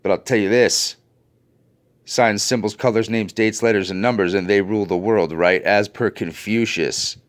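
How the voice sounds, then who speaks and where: A man's voice: lowish voice, fairly even intonation, moderate pace. A man hosting a video, ranting to his viewers in an angry, profane and sarcastic way. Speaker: video host.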